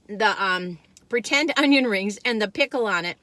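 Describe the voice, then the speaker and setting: A woman's voice: mid-range voice, moderate pace, sharp tone, no echo. An older woman, telling rambling folksy stories while reviewing food in a casual vlog. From Western North Carolina. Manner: rambling, folksy, many fillers and restarts. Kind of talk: casual chatty storytelling.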